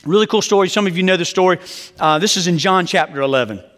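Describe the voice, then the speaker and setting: Middle-aged male pastor, high-pitched, emphatic storyteller, sermon in a reverberant hall. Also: fast, fairly bright tone. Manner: conversational, joking, emphatic storyteller. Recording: long reverb of a large hall.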